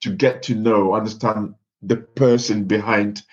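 A man's voice: on the low side, steady tone, a little slow, dull audio. A man from Africa, a podcast guest, telling stories in an earnest, emphatic way and asking rhetorical questions. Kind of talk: storytelling in conversation.

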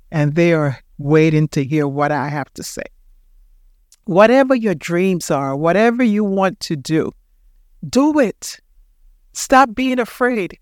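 A Panamanian-accented woman in her sixties delivers a motivational podcast talk. She presses her points home and repeats them for emphasis. Her voice is smooth and resonant, recorded dry and close. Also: on the low side, no room sound. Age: 60s. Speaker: podcast host.

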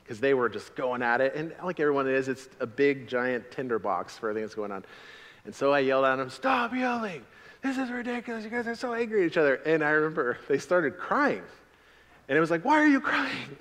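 A man preaching a sermon as a pastor, in a conversational, animated way with frequent repetitions. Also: mid-range voice, long reverb tail.

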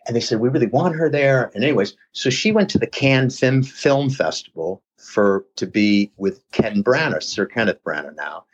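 A man's voice: lowish voice, lively intonation, moderate pace, hardly any pauses. A man telling stories in a casual chat, rambling with many fillers, on a dull lo-fi recording. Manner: rambling, lots of "you know" fillers. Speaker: podcast guest, personal trainer. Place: lives near Reading, England. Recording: dull lo-fi sound.

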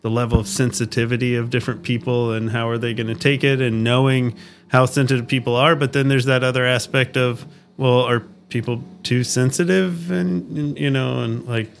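A man's voice: mid-range voice, steady tone, normal speed, creaky. A man co-hosting a casual discussion, thinking aloud and raising questions.

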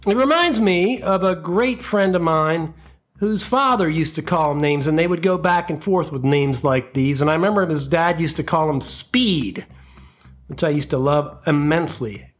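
High-voiced man ranting in mock outrage. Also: normal speed, soft background music. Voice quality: animated, profane, mock-outraged delivery. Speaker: comedy podcast host. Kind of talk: ranting comedic monologue.

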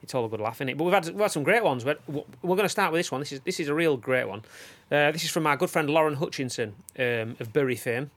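A man's voice: a little high, animated, fast talker, few pauses, a bit bright. A man, co-hosting a podcast in casual chat, rambling and laughing often. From England. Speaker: podcast co-host. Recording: noisy room with a train passing outside.

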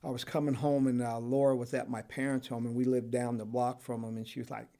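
A man's voice: medium pitch, flat delivery, fast talker, mellow. Rambling older man telling his story. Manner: rambling, with frequent ums and restarts, laughs often. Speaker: interviewee, retired correctional officer. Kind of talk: storytelling interview.

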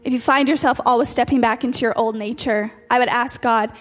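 A woman's voice: a little high, fairly even intonation, brisk. A woman preacher delivering an earnest sermon, repeating key phrases for emphasis. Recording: long hall reverb with faint music.

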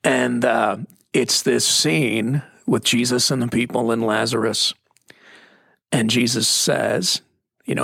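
A man co-hosting a faith talk, telling stories in a casual, emphatic preaching manner with a gravelly voice. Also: medium pitch, fairly even intonation, slow pace, a bit bright, no room sound, studio quality. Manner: storytelling, emphatic.

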